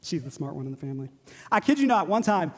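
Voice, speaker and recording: A man's voice: a little high, sing-song, fast talker. A man, preaching a sermon in a joking, self-deprecating way and laughing often. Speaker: pastor. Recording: long hall reverb.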